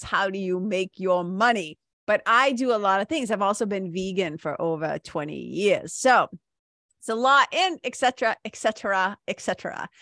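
A woman's voice: mid-range voice, pushed and bright, no echo, clean studio sound. A middle-aged woman hosting her own podcast, talking casually, laughing often and swearing freely. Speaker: podcast host and spiritual mentor. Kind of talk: casual solo podcast talk.

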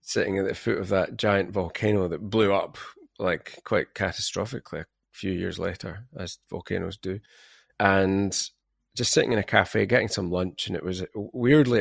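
A man's voice: low voice, normal speed, gravelly, dry recording, clean studio sound. A man hosting an interview, chatting casually and telling rambling travel stories. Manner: rambling, anecdotal storyteller. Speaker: podcast host.

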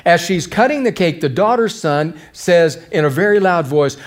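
Male pastor, fairly high voice, sermon delivery, dramatizes quotes, repeats key words. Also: lively intonation, a little slow, few pauses. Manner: acts out quoted voices with shifts in pitch and loudness.

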